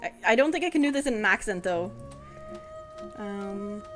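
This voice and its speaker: A woman's voice: mid-range voice, expressive, normal speed, music in the background. A woman whose first language is Swedish, chatting playfully with her audience while streaming a game, giggling often. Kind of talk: casual game-stream chat.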